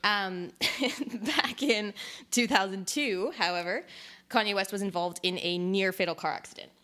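A woman hosting a podcast, chatting casually about music with a co-host, laughing often and tossing in quick asides. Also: mid-range voice, sharp tone. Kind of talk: casual chat.

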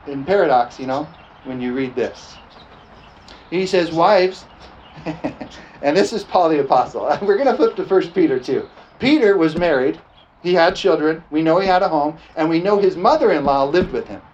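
A male preacher delivering a sermon in church, animated, often chuckling and calling out "amen?" to the congregation. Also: a little high, dull audio, a little hiss or hum. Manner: animated, chuckling, frequent call-and-response "amen?". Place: church service, also streamed online.

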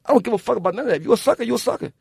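Husky fast-talking Philly rapper, a man. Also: extremely high pitch, dry recording, studio quality. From Philadelphia. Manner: animated, profane, keeps asking "you know what I'm saying". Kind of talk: casual interview storytelling.

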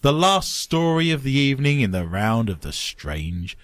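A man's voice: medium pitch, big pitch swings, normal speed, no room sound, clean studio sound. A middle-aged man hosting a podcast, joking through comedic banter and slipping into silly voices. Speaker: podcast host.

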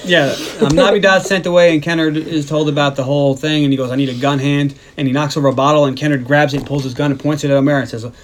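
A man's voice: a little high, fairly even intonation, racing, hardly any pauses. A man co-hosting a movie podcast, casually retelling the plot in a rambling way, swearing and acting out lines from the scenes. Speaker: podcast co-host.

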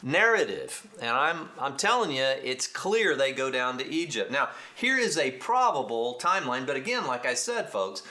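A man with a Texas accent preaching a sermon, teaching in an animated, emphatic way with frequent restarts and asides to the congregation. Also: medium pitch, normal speed, few pauses. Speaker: pastor.

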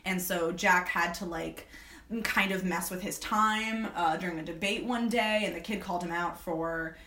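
A woman co-hosting a podcast in casual chat, animated and laughing, acting out lines from a book and movie. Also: lowish voice, normal speed, roomy sound. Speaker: podcast co-host.

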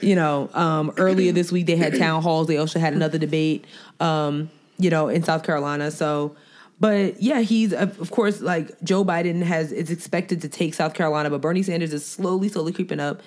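A woman's voice: sits low, steady tone, a little fast, darkish tone. A woman co-hosting a casual podcast about politics, chatty and joking, sometimes reading news aloud. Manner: chatty, laughs easily, reads news aloud. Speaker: podcast co-host.

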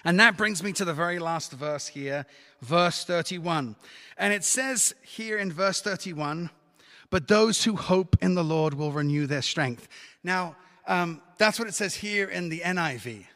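High-voiced preacher in a reverberant church. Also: male voice, a little slow. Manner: lively, conversational preaching with joking asides. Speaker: pastor. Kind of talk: sermon.

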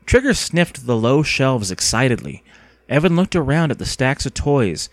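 A man narrating a children's story in an expressive, storytelling way. His voice rises and falls a great deal. The recording is close and dry, with no room sound. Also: medium pitch, normal speed, dry recording. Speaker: audiobook narrator. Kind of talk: scripted narration.

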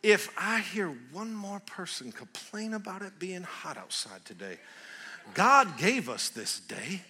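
A man's voice: high voice, sing-song, a little slow, bright, forceful tone, slightly rough, voice pushed up, full character voice. A man voicing a cheerful, devout older woman greeter, firm and preachy as she counts blessings. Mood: insistent.

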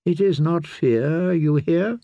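A man voicing a soft-spoken, very old wise healer. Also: on the high side, dry recording, lo-fi sound, voice pushed up. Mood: gently grave. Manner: soft, measured, gentle. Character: very old, wise male healer, gentle and weary.

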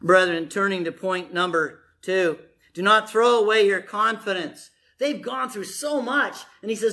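A male pastor preaching a sermon to a congregation in church, emphatic, moving from hushed to loud. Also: high voice, normal speed.

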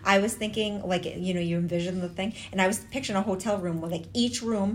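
A woman co-hosting a podcast in casual chat, talking freely with swearing and big pitch jumps when she retells moments. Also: steady tone, fast, slight background noise. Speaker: podcast co-host.

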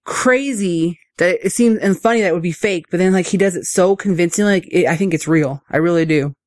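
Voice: mid-range voice, fairly quick, darkish tone, dry recording, studio quality. A co-host telling a story in a casual podcast chat, with lots of "like".

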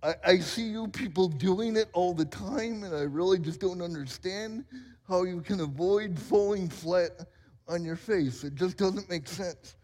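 High-voiced, unhurried man preaching in a hall. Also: dark tone. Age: 40s. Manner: playful, self-mocking storyteller. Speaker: pastor. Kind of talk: sermon. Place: church sanctuary. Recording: reverberant church hall.

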